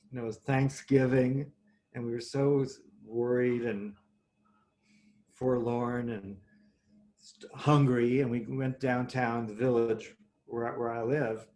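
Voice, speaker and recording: A man telling a story as a guest over a video call, wry and theatrical, with lively asides. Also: medium pitch. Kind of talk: anecdotal storytelling.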